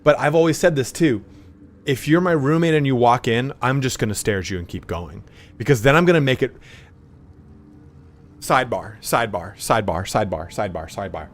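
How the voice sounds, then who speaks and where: A man's voice: on the low side, slight background noise. A man streaming a game, telling profane, rambling anecdotes and acting out the voices in them. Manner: acts out voices in his stories. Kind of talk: casual chat while gaming.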